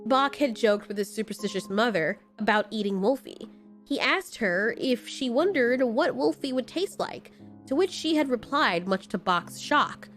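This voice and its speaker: A woman narrating a scripted horror story in a slow, measured way with dramatic pauses. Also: on the high side, lively intonation, fairly bright tone. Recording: faint background music.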